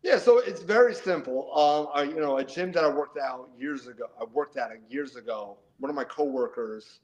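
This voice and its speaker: A middle-aged man from the New Jersey and New York area, chatting as a guest in a casual interview, animated, often repeating words and laughing. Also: fairly high pitch, moderate pace, muffled recording.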